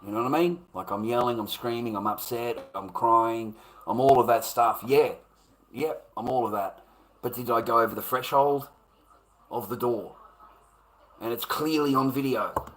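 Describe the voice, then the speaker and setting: A man's voice: medium pitch, moderate pace, rough recording. An Australian man ranting casually to a live chat, rambling and repeating himself with heavy swearing. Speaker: livestreamer.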